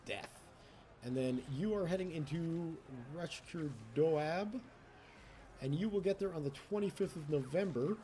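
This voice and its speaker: A man's voice: fairly high pitch, moderate pace, dark tone, a little hiss or hum. A man giving casual gameplay commentary as a let's play host, chatty and teasing the computer opponents.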